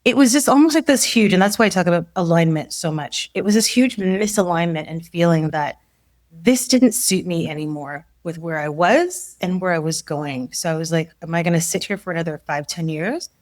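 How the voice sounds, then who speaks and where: A woman in her forties tells her story in an easy, chatty way, often acting out what people said to her. Her voice sits a little low, and the sound is close and dry, with no room around it. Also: brisk, no echo. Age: 40s. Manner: animated storyteller who acts out quotes, laughs often. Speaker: leadership coach, podcast guest. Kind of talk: casual interview conversation.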